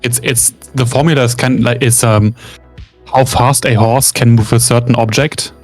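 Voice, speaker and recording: A man's voice: medium pitch, steady tone, normal speed, soft background music. Dry, teasing man in voice chat. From India. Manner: dry, teasing, explains things plainly. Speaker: stream co-player. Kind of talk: casual gaming chat.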